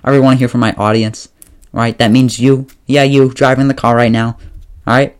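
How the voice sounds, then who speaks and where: A man hosting his own podcast talks casually and at length, often doubling back to correct himself. He turns playful and coaxing when he speaks straight to his listeners. His voice sits at an everyday middle pitch. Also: flat delivery, brisk, smooth. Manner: rambling, often correcting himself mid-sentence; playful, pleading directly with listeners. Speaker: podcast host. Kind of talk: casual solo podcast chat.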